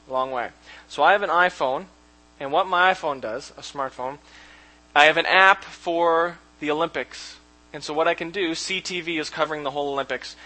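A man's voice: on the high side, pushed and bright, rough recording. A man from Canada, preaching a conversational, informal sermon in a church and often chuckling between thoughts. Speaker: pastor. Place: church sanctuary.

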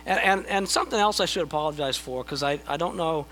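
A man's voice: on the high side, fast talker, fairly bright tone, soft background music, rough recording. A middle-aged man preaching a sermon in a conversational, self-deprecating way, often repeating his words as he starts a thought. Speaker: pastor.

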